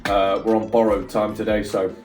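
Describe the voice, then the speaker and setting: With a flat delivery and a lowish, slightly mellow voice, a reaction channel host chats at a moderate pace. He rambles casually through his opinions with many fillers, and the recording has roomy echo, a far-off mic, and faint music.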